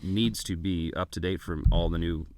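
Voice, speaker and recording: A man's voice: sits low, fairly even intonation, normal speed, a little mellow, dry recording. A man co-hosting a podcast, telling stories in casual chat with many restarts and fillers. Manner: rambling storytelling with many restarts. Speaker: podcast co-host.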